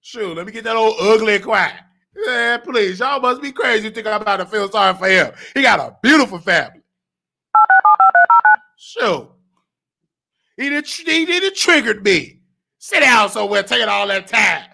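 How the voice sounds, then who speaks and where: A male talk show host ranting emotionally and in an animated way, sometimes shouting and close to tears. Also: high-pitched, normal speed, gravelly, long pauses. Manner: animated, fired-up, at times shouting and near tears.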